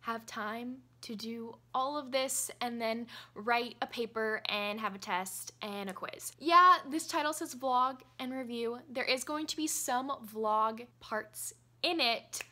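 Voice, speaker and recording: Bright, giddy young woman book vlogger. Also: on the high side, measured pace, hardly any pauses. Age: young adult. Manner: giddy, gushing, talks with laughs and repeats. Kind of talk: casual vlog chat. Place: apartment room, indoors.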